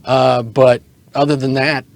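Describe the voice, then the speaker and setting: A man narrating as game master of an online tabletop game, halting and relaxed, with lots of fillers. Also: medium pitch, vocal fry.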